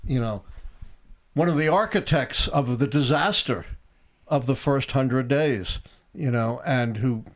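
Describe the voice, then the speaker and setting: Older man, measured professorial talk. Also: mid-range voice. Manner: measured, thoughtful explanations with filler pauses. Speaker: professor and political commentator. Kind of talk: casual live-stream chat.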